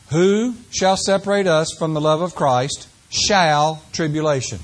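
A man preaching a sermon to a congregation, asking them questions and shifting between slow, drawn-out phrases and quick runs. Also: on the high side. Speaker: pastor.

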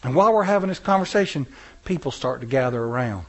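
A male preacher delivering a sermon, stressing words slowly and telling stories to the congregation. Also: mid-range voice, expressive. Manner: emphatic, drawn-out stresses, storytelling.

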